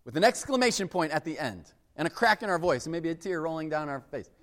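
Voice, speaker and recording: A man preaching a sermon, emphatic and animated, dropping suddenly to a hush for weight. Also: a little high, fast talker, long reverb tail. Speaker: pastor.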